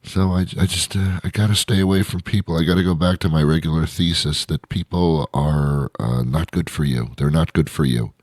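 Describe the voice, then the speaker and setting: A man hosting a radio show with a comic, rambling, self-mocking monologue, his voice hoarse and stuffy from a cold. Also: a bass voice, normal speed, hardly any pauses, a little mellow, no room sound. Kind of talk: comedic monologue.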